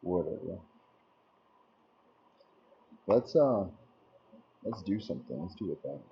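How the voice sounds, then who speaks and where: A man's voice: sits low, expressive, fast, vocal fry. A man chatting casually on a live stream, rambling in a laid-back way as he answers viewer messages aloud. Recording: dull lo-fi stream audio, faint noise.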